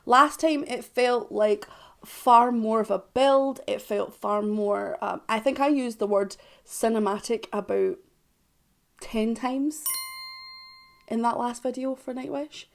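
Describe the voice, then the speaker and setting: Chatty Scottish woman with a creaky voice. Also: fairly high pitch, slow pace. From Scotland. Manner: chatty and self-mocking, jumping between loud and hushed asides. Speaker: music reaction host. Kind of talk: casual chatty commentary.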